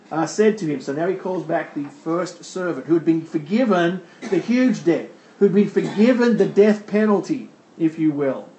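A man's voice: high voice, mellow, echoey room, dull audio, slight background noise. A man preaching a sermon verse by verse, who asks the congregation rhetorical questions and answers them himself. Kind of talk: sermon explaining a scripture passage.

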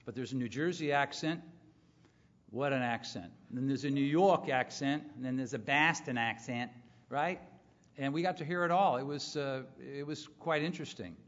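A man's voice: medium pitch, a little fast. A man from California preaching a sermon to a congregation in an earnest teaching tone, with emphatic rises. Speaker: pastor. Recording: muffled hall with long reverb.

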